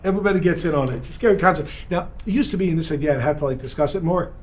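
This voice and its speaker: A rabbi with a high voice delivers an energetic, joking lecture at a seminar. He bounces between points and banters with the audience in the room. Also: racing, hardly any pauses. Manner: energetic, joking, talks with the crowd. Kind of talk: lively seminar talk to a live audience.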